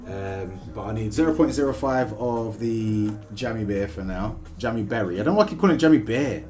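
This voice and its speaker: A man chatting casually and excitably on a live stream from his kitchen, swearing freely as he talks. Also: lowish voice, a little fast, faint music behind. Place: home kitchen.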